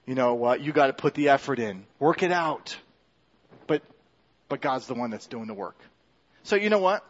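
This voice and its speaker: In a church sanctuary, a pastor preaches a sermon in a loose, conversational style, restarting sentences and adding self-deprecating asides. His voice is fairly high, and the recording is muffled.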